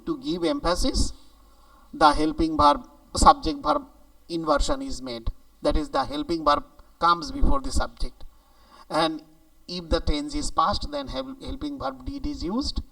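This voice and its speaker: Slow, gravelly high-pitched male teacher. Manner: slow and deliberate, lively emphasis on key words. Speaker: English grammar teacher. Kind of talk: explanatory grammar lesson. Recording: voice a bit distant from the mic.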